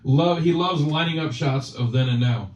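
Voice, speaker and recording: A man's voice: fairly high pitch, moderate pace. A man hosting a casual chat, teasing his guest in joking banter. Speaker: channel host. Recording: roomy, distant, dull sound.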